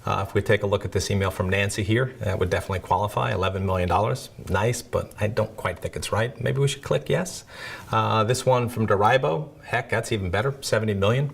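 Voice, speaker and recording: Brief: low-voiced male trainer, casual self-deprecating video presenter, keeps saying "right?". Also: brisk, vocal fry. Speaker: security awareness trainer.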